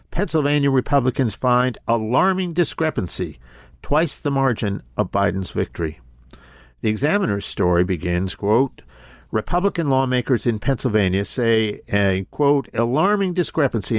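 A man's voice: fairly low pitch, no room sound, clean studio sound. A man hosting a political talk radio show, reading quotes aloud and answering them with emphatic, sarcastic remarks. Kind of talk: talk radio commentary with read ad.

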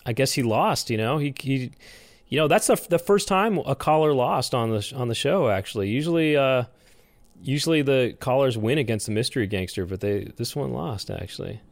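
A man's voice: mid-range voice, expressive, brisk, vocal fry. A man hosting a comedy podcast, chatting casually and jokingly and setting up the next segment. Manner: upbeat, joking, announcer-like segues. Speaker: podcast host.

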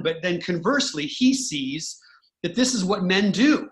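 An earnest man hosts a casual podcast chat in a voice pitched somewhat high for a man. He speaks from the heart and strings his thoughts together in long, run-on stretches. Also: expressive, normal speed, a bit bright. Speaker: host, musician.

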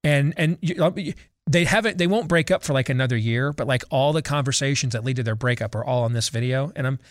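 A man's voice: medium pitch, fast talker, dry recording, studio quality. A man hosting a talk show, chatting loosely with his co-hosts and breaking for live ad reads. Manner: loose, conversational, with frequent restarts and asides. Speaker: radio show host.

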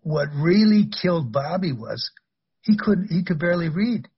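Older male guest, very husky voice, rambling storyteller, dull lo-fi recording. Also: fairly high pitch, expressive, moderate pace. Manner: rambling, anecdotal, laughs through stories. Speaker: guest, former wrestler. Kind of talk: casual storytelling interview.

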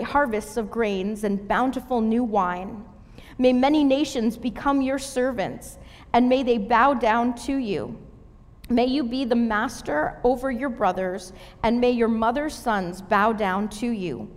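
A solemn, aged father, as a woman reads his lines, speaks slowly and gravely in a lowered voice. His words ring out with a long hall reverb behind them. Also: a little mellow, close to an everyday voice.

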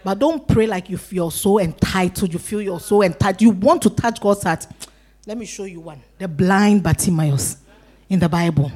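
Woman pastor, animated preacher who acts out crowd voices. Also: mid-range voice, moderate pace. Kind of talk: sermon.

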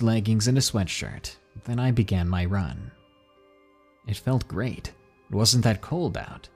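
A man with a low, husky voice reads horror stories aloud. His pitch swings widely as he builds tension. Faint music plays behind him. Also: darkish tone. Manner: dramatic, slowing and dropping for suspense. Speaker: narrator. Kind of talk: scripted horror story narration.

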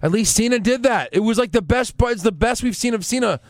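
A man's voice: extremely high pitch, fairly quick, no echo. A man co-hosting a casual wrestling podcast, reacting with exasperation and complaints. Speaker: podcast co-host. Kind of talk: casual wrestling recap chat.

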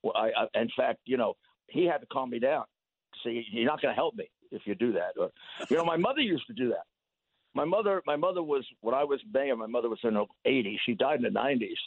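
An older man, a guest in a casual radio interview, telling stories with animated repetition and laughs. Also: mid-range voice, fast, breathy edge, dry recording. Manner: animated storytelling, repeats words, laughs. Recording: thin phone-line sound.

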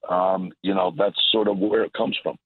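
A man's voice: deep voice, steady tone, normal speed, slightly rough. A man giving emphatic, repetitive political commentary over a phone line. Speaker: guest commentator. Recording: tinny dry phone line.

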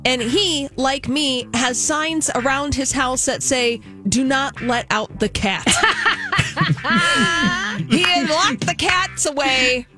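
A woman co-hosting a radio show, witty and quick to laugh. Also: sits high, over music. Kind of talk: casual radio banter.

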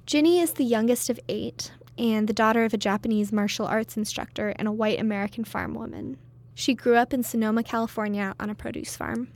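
Woman reporter, scripted narration, conversational, higher pitch. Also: a little mellow. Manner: conversational, clear explaining.

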